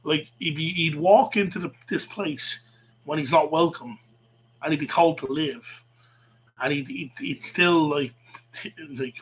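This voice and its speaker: A man's voice: on the high side, unhurried, a little hiss or hum, poor audio. A man ranting in a rambling way, swearing a lot, with many fillers and restarts. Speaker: vlogger. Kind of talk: rambling rant to camera.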